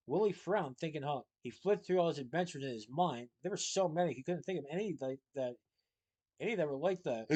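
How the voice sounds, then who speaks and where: A man reading a children's book aloud as storyteller, in a lively, expressive way. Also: on the high side, a little fast.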